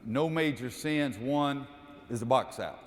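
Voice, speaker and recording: Basketball coach in an echoey gym. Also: male voice, medium pitch, measured pace. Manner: calls out drill cues, then explains to the audience. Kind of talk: coaching clinic demonstration. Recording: echoey gym with long reverb.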